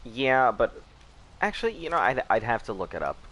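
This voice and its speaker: A man's voice: medium pitch, very animated, normal speed, a bit bright. A man hosting a game live stream, chatting casually and rambling, laughing at his own jokes. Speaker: gaming live-stream host.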